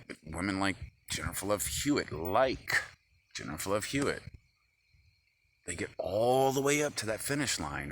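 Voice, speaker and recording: A man with a low voice and a sharp, pressed edge to it. He rambles in an irritated, profanity-laced monologue recorded on his phone, jumping between complaints. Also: slight background noise. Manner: agitated, profane ranting. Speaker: vlogger.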